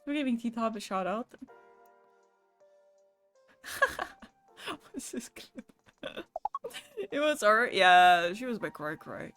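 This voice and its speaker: A woman's voice: mid-range voice, big pitch swings, slow, pauses often, fairly bright tone, faint music behind. A young adult woman streaming live, chatting casually with her viewers, swearing lightly and laughing as she goes. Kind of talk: casual livestream chat with viewers.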